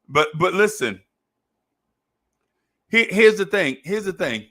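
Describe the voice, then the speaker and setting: A man hosting a casual sports podcast, talking in an animated way, repeating phrases and laughing often. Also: high-pitched, slow pace, pauses often. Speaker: podcast host.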